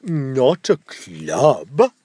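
A storyteller doing a slow sly ogre. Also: mid-range voice, huge pitch swings, mellow, breathy edge, dry recording, full character voice. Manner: drawn-out, slow and deliberate. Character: slow hulking male ogre, sly and calm.

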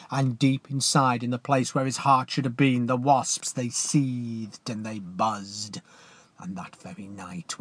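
A man narrating a storybook tale in a hushed, dramatic manner that often drops to a whisper. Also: medium pitch.

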